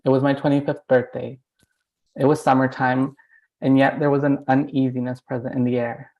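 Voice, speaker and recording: A man at an open mic over a video call, reading a personal essay aloud in a measured, literary way. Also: mid-range voice, little pitch movement, highs cut off.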